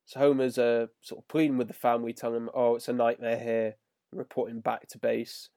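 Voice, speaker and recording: A man's voice: mid-range voice, flat delivery, a little fast, dark tone, dry recording, clean studio sound. A man co-hosting a podcast, casually and grumpily picking apart a cartoon episode. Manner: grumbling, exasperated critique. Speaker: podcast co-host. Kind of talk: casual episode review chat.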